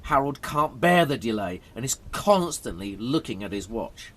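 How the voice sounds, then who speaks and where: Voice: medium pitch, sing-song, moderate pace. A narrator reading a graded story aloud for English learners, telling it dramatically.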